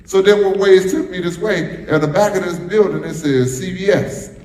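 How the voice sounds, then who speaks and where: Preaching at a moderate pace, this pastor has a high yet darkish voice; he repeats key phrases and gets the congregation answering back. The sanctuary's roomy echo fills the recording.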